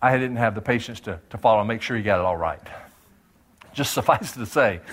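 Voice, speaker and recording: A man preaching a sermon, shifting between lively teaching and lowered, voiced quotes. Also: moderate pace. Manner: animated preacher, voicing God and doubters in lowered tones. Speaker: pastor.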